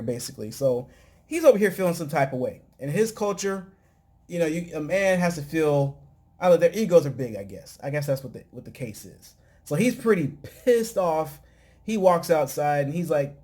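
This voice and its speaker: A man's voice: on the high side, sing-song, a little fast, darkish tone. A man hosting a casual talk show, recapping episodes in a loose, rambling way full of fillers. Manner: mimics cast lines in quoted bits. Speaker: podcast host.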